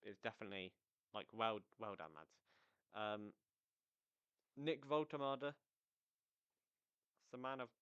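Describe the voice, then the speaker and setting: A man's voice: mid-range voice, fairly bright tone, clear, resonant tone, no room sound, lo-fi sound. A man hosting a casual football recap, talking energetically and rambling into tangents. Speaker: football podcast host.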